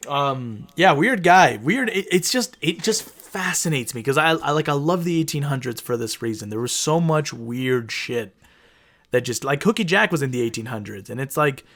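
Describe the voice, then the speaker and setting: A man's voice: a little high, lively intonation, moderate pace, a bit bright. A man co-hosting a comedy podcast, reading out a story from notes and then riffing casually, with swearing and laughter. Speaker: podcast co-host. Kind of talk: casual chat and reading stories.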